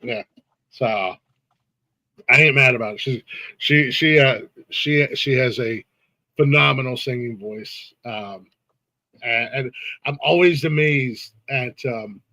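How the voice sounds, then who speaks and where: A man's voice: mid-range voice, slow, long pauses, bright, forceful tone, no room sound. Laid-back male podcast host, dry sound. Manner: laid-back, laughs often, frequent restarts and fillers. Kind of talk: casual live-stream interview.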